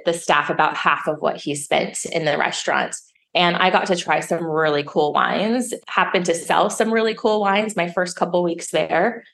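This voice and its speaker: A woman in her thirties, a sommelier guest telling stories in a casual interview, acting out quoted dialogue with jumps in her voice. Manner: lively storyteller, acts out quoted dialogue with pitch jumps. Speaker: sommelier and wine educator guest.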